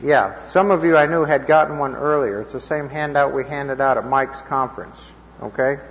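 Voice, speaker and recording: A man giving an informal Bible teaching to a live group, conversational and checking in with his listeners, his voice a little hoarse. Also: mid-range voice, normal speed. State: slightly hoarse. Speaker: preacher teaching a class. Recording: dull lo-fi recording in a reverberant hall.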